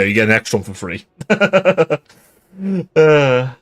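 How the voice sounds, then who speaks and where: A man's voice: mid-range voice, big pitch swings, slow, fairly bright tone. A tipsy man giving casual livestream commentary on a strategy game, swearing often and laughing between remarks. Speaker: game streamer.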